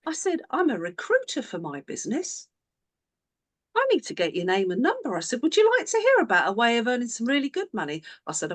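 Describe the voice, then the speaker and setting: A woman coaching a business team, telling a story and acting out the dialogue of everyone in it. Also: medium pitch. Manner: animated, acts out quoted dialogue in the story.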